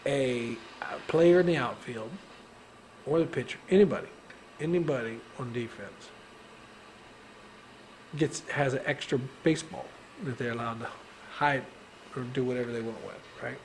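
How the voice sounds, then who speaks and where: A man's voice: mid-range voice, normal speed, long pauses, slight background noise. A man in his thirties from Texas, rambling in casual podcast chat, swearing and laughing often. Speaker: podcast host.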